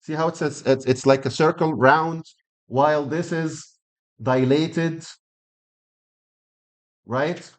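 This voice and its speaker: A man's voice: on the high side, steady tone, takes it slowly, pauses often. A middle-aged male lecturer. He teaches anatomy in a classroom style, repeating key words and checking in with students through frequent questions.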